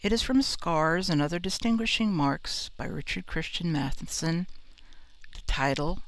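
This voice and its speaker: A man narrating a horror story in a slow, measured reading. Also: on the high side, animated, fairly bright tone, dry recording. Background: faint eerie music.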